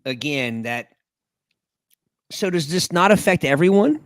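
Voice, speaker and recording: A man's voice: on the high side, lively intonation, measured pace, smooth, dry recording, clean studio sound. A man co-hosting a casual podcast, thinking aloud in disbelief with many restarts. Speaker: podcast co-host.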